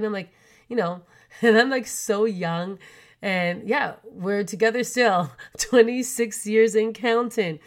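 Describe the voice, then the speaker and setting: A woman in her forties from Canada, telling personal stories in a chatty, animated way with many fillers. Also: medium pitch, unhurried. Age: 40s. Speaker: podcast host. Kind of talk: storytelling chat.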